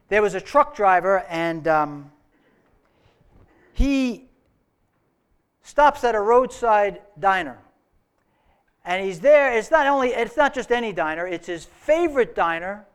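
A man with a notably high, smooth, resonant voice preaches to his congregation. He takes his time, easing from scripture into a folksy joke in an unhurried storytelling manner. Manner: relaxed storytelling with an old joke, speaking to a live congregation. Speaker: pastor. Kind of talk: sermon.

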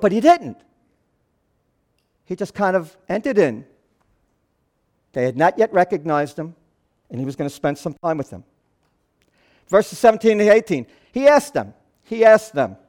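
A pastor delivers a sermon, animatedly narrating the story and swinging from loud to hushed. His voice is high, his pace moderate, and he pauses often.

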